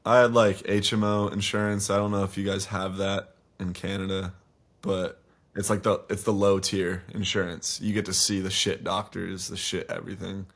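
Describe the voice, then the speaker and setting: A man's voice: deep voice, flat delivery, normal speed, a bit bright. Young man, swearing, rambling story. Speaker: guest. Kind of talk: casual podcast interview. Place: podcast studio.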